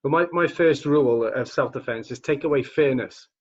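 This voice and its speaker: A man's voice: mid-range voice, normal speed, darkish tone, lo-fi sound. A man interviewing a guest, mostly nodding along with short agreements before asking his own questions. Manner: frequent short agreeing backchannels. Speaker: interviewer, martial arts instructor. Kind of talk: casual interview.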